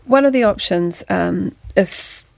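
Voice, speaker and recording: A woman, interviewing a guest with measured, probing questions. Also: mid-range voice, vocal fry, a little mellow, no echo. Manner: measured, probing, some hesitant restarts.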